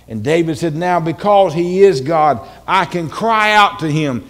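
A man preaching a church sermon, animated and dramatic, breaking into shouted calls and humorous asides. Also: high voice. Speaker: pastor. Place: church sanctuary.

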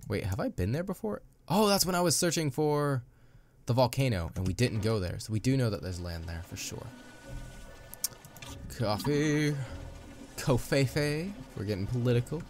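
A man's voice: mid-range voice, lively intonation, fairly quick, darkish tone. A young man giving casual, chatty commentary while playing a video game, upbeat with playful asides. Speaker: let's play host. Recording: music playing underneath.

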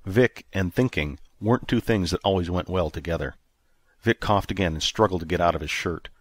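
A man narrating an audiobook in a steady, even storytelling manner. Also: low voice, a little fast, dry recording. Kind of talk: scripted narration.

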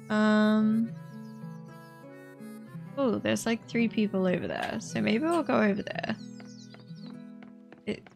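A woman's voice: mid-range voice, gravelly, a little mellow. A woman giving casual let's play commentary as she explores a game, chatty and hesitant with many fillers, breaking into squeals of delight at cute animals.

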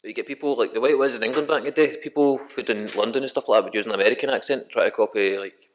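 A man's voice: mid-range voice, very fast, a little hiss or hum. A young Scottish man, a rapper guest on a podcast, talking in a rambling, casual way and swearing often. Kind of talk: casual chat.

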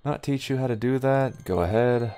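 A man's voice: mid-range voice, normal speed, dark tone, smooth, soft background music. A young man giving offhand, wry let's-play commentary as he plays a game, muttering remarks to himself. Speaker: gaming video host.

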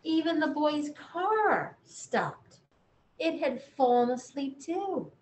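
A woman librarian reading a bedtime picture book aloud, gently talking to young children in an echoey room. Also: high-pitched, big pitch swings, slow pace, a little hiss or hum. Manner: gentle, sing-song, talks to children.

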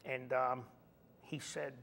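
In a relaxed conversation, this male comedian guest spins an anecdote and performs each quoted line with animation. He speaks slowly at a medium pitch with a gravelly texture, over slight background noise and a long reverb.

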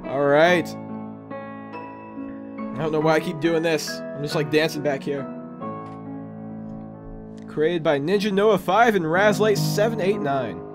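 A man hosting a let's play, commentating excitedly with loud exclamations and jokes. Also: a little high, measured pace, pauses often, over music. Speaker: gaming channel host.

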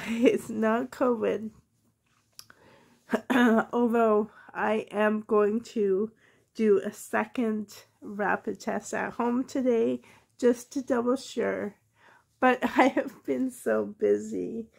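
Hoarse, gravelly woman vlogger with a cold. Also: a little high, steady tone, slow. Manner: soft-spoken, chatty, laughs often. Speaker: reborn doll hobby vlogger. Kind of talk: casual vlog chat to viewers.

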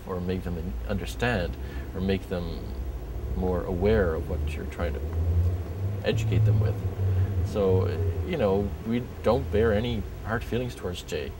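A man with a French accent speaking earnestly to the camera in a measured way, with fillers. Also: sits low, noisy background. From Saint Pierre and Miquelon. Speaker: columnist and documentary presenter. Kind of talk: casual address to camera.

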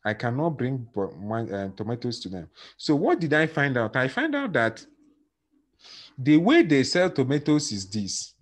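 A man's voice: mid-range voice, moderate pace. A man with a Nigerian accent lecturing on law, telling stories and acting out dialogue with his class. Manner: animated, acts out dialogue and questions students.

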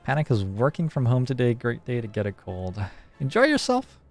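A man streaming a card game, relaxed, thinking aloud and explaining his choices at length. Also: medium pitch, brisk, faint music behind. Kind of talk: casual live-stream gameplay commentary.

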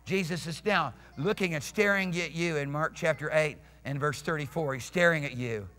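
A man's voice: on the high side, normal speed, a bit bright. A male pastor preaching a sermon emphatically, restarting phrases and questioning his congregation. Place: church sanctuary. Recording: reverberant church hall.

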